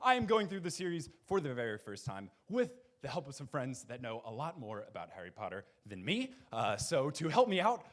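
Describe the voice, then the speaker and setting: A man in his twenties hosting a live podcast on stage, energetic and laughing often, a little out of breath. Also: medium pitch, brisk, few pauses. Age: 20s. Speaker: podcast host.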